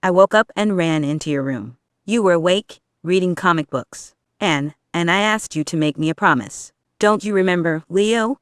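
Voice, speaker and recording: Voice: medium pitch, moderate pace, hardly any pauses, a bit bright, smooth, no room sound, clean studio sound, close to an everyday voice. A reader voicing a brainy teenage male turtle who is crying and speaks in a quivering, sniffling way. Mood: tearful.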